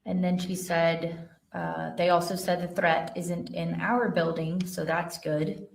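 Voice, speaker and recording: A woman investigator testifying in a courtroom, reading text messages aloud in a plain, steady way with fillers. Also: fairly low pitch, slow, vocal fry, a little hiss or hum. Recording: roomy courtroom audio from far off.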